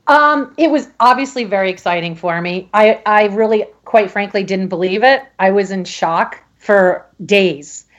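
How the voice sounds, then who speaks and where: Woman guest, halting storyteller, muffled lo-fi remote line. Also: mid-range voice, fairly bright tone. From Connecticut. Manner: halting, many restarts and fillers. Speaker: podcast guest. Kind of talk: emotional personal story.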